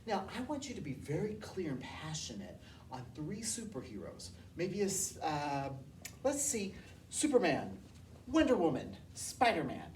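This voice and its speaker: A woman music teacher, enthusiastic and lively, explaining and leading a workshop. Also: low-pitched, measured pace, recorded from a distance, a little hiss or hum.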